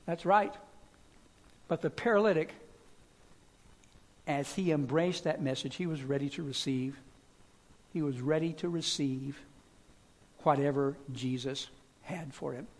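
A man's voice: fairly high pitch, measured pace, long pauses. A man preaching a sermon as pastor, talking in a conversational way with fillers and repeated words.

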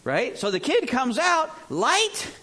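High, lively-voiced male preacher. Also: slow pace. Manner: animated storytelling, acts out voices. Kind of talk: sermon.

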